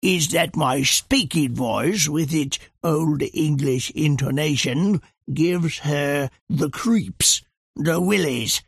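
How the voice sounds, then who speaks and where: A man voicing an older English statesman, pompous and gruff, in a low muttering tone in a storybook reading. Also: takes it slowly, dry recording, studio quality, full character voice. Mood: feigned patience.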